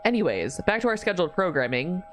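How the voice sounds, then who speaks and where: A woman's voice: on the low side, big pitch swings, fast talker, soft background music. A woman streamer chatting casually during a live game stream, swearing freely as she banters with her chat.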